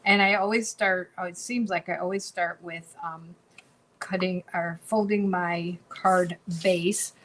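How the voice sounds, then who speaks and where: A woman's voice: on the low side, fairly even intonation, a little slow, a bit bright, a little hiss or hum, poor audio. A woman co-hosting a casual craft tutorial, bubbly and chatty, often repeating her words as she works. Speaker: craft demonstrator and co-host.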